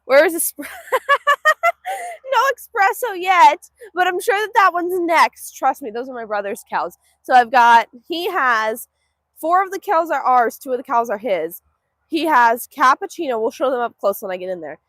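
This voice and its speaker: Livestreaming from an outdoor cow pen, a woman from Northeast Texas chats affectionately, answers viewer comments and coos to the animals in a sing-song baby voice. Her voice sits high and a bit bright, lively at a moderate pace, recorded dry.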